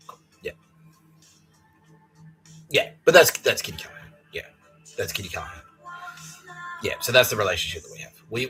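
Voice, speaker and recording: Deep-voiced, sweary podcast man. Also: bright, forceful tone, poor audio. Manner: profane, rambling, full of fillers. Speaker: podcast host. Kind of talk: rambling comic monologue.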